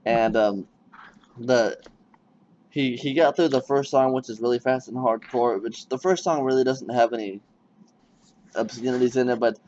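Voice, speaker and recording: A man's voice: mid-range voice, normal speed, pauses often. A man interviewing a musician in a casual chat, telling stories and acting out what people said. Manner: animated storyteller, acts out quotes. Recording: muffled lo-fi with faint noise.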